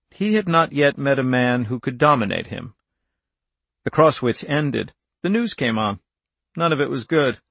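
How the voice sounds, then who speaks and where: A man narrates an audiobook in a steady, measured way. His voice has a gravelly texture, and the recording is close and dry with no room sound. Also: mid-range voice, no echo.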